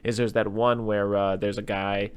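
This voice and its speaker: A man hosts a casual movie podcast in a smooth, lowish voice at a moderate pace. He rambles through stories, retelling them animatedly and doing put-on voices for quotes.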